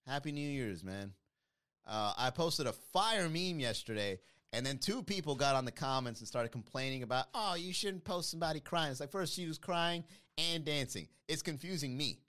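Man, podcast host, live stream chat, joking, mocking, lively pitch, smooth clear voice. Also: moderate pace. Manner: animated, joking, mocking with playful put-on voices. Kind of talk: casual live-stream chat reading comments.

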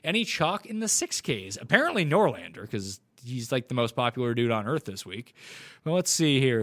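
A man hosting a casual livestream Q&A, answering questions with quick, blunt replies and wisecracks. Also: medium pitch, fairly bright tone. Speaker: livestream host.

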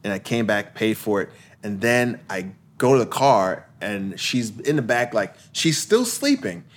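A man hosting a podcast in casual chat, laid-back and quick to react and laugh. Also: on the low side, very animated. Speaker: podcast host.

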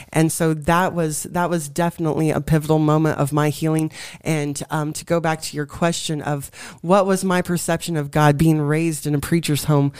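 A young woman tells her story as an interview guest, lively and expressive, often acting out her own words and those of others. Her voice is smooth and clear, and it sounds close and dry, with no room echo. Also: low-pitched, normal speed. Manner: animated storyteller, acts out her own quotes. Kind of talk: testimony in a faith interview.

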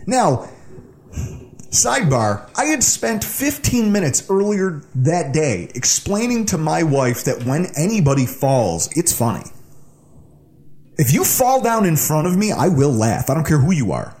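A man's voice: on the high side, very animated, unhurried, a little mellow. A man in his thirties from the Buffalo area, co-hosting a podcast and telling a funny story in a casual, laughing way. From Buffalo, New York area. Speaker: podcast co-host.

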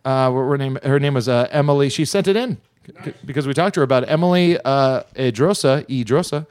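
A man hosting a radio show, chatting casually in a rambling, halting way full of fillers. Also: mid-range voice, a little mellow. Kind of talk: casual chat.

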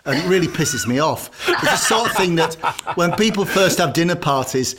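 A man talks in a blunt, jokey way, swearing casually as he chats on a podcast. His voice sits a little high for a man. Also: expressive, moderate pace, noisy background. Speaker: podcast co-host, chef. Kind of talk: casual chat.

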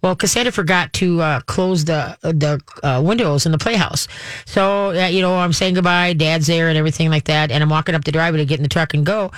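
A woman telling a personal story to her viewers in a rambling, halting way, full of restarts and folksy sayings. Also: low-pitched, no echo.

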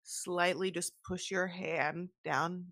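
Animated, blunt woman podcast co-host. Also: lowish voice, takes it slowly, no room sound, studio quality. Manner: animated, filler-heavy, blunt and profane. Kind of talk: casual chat recapping a reality show.

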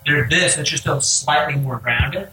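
A man's voice: mid-range voice, a little slow, over a noisy crowd. Man on an echoey, distant mic. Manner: animated, swears freely. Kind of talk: casual film discussion.

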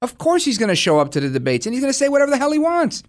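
A man's voice: very high voice, huge pitch swings, rapid-fire. A man hosting a political talk show, giving combative, sarcastic opinion commentary.

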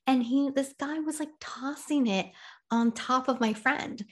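A woman's voice: high-pitched, measured pace. A young woman co-hosting a casual chat, telling stories with energy and acting out the voices in arguments. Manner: animated storyteller, acts out quoted arguments.

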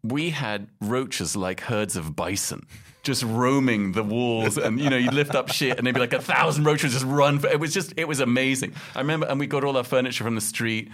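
A man's voice: mid-range voice, brisk, a bit bright. A middle-aged man from London and Casablanca, chatting in an interview, a wry self-mocking storyteller who laughs often. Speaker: podcast host and guest. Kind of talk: casual interview chat.

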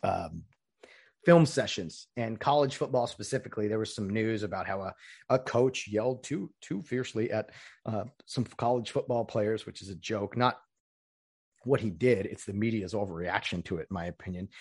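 A man's voice: lowish voice, moderate pace, darkish tone, breathy edge. A man hosting a casual solo podcast. He is opinionated and rambling, with mocking asides. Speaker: podcast host.

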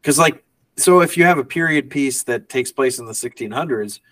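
A man's voice: mid-range voice, normal speed, fairly bright tone, recorded from a distance. Easygoing podcast guy, dry humor, mid voice, sits back from the mic. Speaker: podcast co-host. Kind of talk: casual film review chat.

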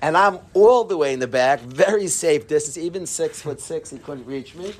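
A man telling a humorous personal anecdote to a group, animated and self-deprecating. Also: on the high side, moderate pace, slightly rough. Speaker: storyteller.

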